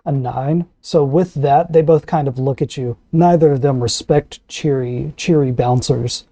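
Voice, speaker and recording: GM for tabletop session, male, very mellow dark tone, dry close sound. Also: mid-range voice, measured pace, no room sound. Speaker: game master. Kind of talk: narrating a tabletop game.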